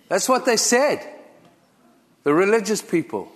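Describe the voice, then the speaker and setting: A man's voice: sits high, sing-song, unhurried, long pauses, long reverb tail. A man preaching a sermon as pastor, earnest and exhorting, repeating key phrases for emphasis. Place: church sanctuary.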